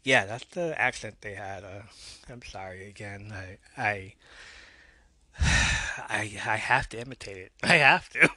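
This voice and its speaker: Man, podcast host, crisp bright tone, dead-dry room, chatty scene recap. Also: lowish voice, unhurried, dry recording. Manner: reads scene aloud, imitating characters with a drawl, laughing asides. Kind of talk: casual recap narration.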